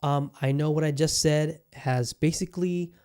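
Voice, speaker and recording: A man's voice: on the high side, steady tone, moderate pace, darkish tone, smooth. Profane, rambling male podcast host. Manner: profane, rambling, swings from somber to heated. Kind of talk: casual solo podcast rant.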